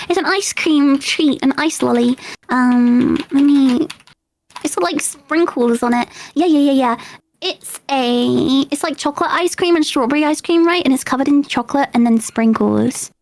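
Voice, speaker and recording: A woman's voice: high-pitched, moderate pace, slight background noise. A British woman hosting a casual chat, rambling and laughing often. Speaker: host.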